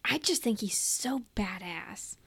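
A woman's voice: mid-range voice, animated, slow, gravelly, fairly bright tone, husky, no room sound. A woman co-hosting a podcast, chatting casually with short, squeamish reactions. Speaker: podcast co-host. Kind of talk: casual chat.

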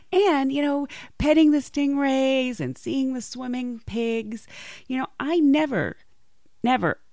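A woman hosting a podcast, telling casual stories in an animated way and laughing often. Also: high voice, slow, long pauses, no room sound, clean studio sound. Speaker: podcast host. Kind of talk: casual storytelling monologue.

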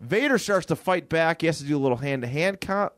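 A man's voice: a little high, animated, fast, fairly bright tone, no room sound. A man co-hosting a podcast, retelling a comic plot in casual chat, with lots of stammered restarts. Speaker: podcast co-host.

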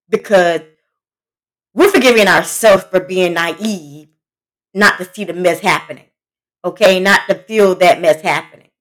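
A woman hosting a solo podcast, giving relationship advice in a blunt, emphatic, conversational way and talking straight to her listeners. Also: lowish voice. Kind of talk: casual solo podcast talk.

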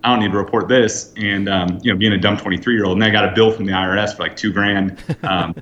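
A man in his thirties from the United States, a podcast guest telling lively anecdotes and acting out quoted lines. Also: lowish voice, quick pace. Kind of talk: storytelling in a podcast interview. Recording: roomy, slightly dull sound.

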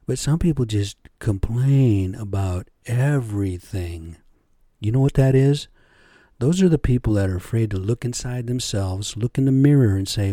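This podcast host, a middle-aged man, talks in a low-ish, mellow voice at an unhurried pace. Recording his own show on inexpensive home gear, he rants solo and casually, rambles, curses without restraint, and asks rhetorical questions. The sound is clean and studio-like with no echo.

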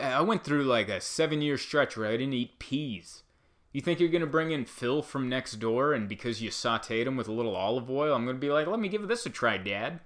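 A man delivering a rambling comedic monologue, animated and full of asides. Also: on the high side.

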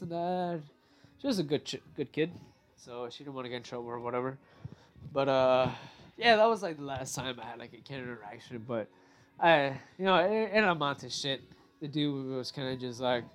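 A young adult man hosting a podcast, telling stories in a casual, rambling way with lots of swearing. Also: medium pitch. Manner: profane, rambling, animated storytelling. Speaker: podcast host. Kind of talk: casual storytelling monologue.

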